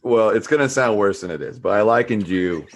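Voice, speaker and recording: A man's voice: fairly low pitch, animated, brisk. A man co-hosting a casual podcast chat, teasing the others in a dry way. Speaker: podcast co-host.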